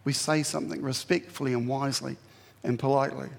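A man preaching a sermon as pastor, earnest and pleading, climbing sharply in pitch when he presses a point. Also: little pitch movement, fast, creaky. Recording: long hall reverb.

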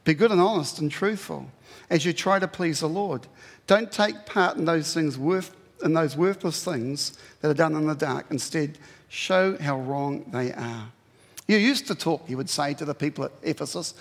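A man preaching a sermon as pastor, earnest and pleading, climbing sharply in pitch when he presses a point. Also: normal speed. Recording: long hall reverb.

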